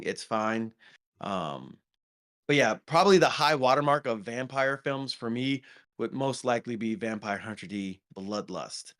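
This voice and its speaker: A man with a mid-range, fairly bright voice co-hosts a podcast, chatting casually about movies in a rambling way, with lots of ums and restarts.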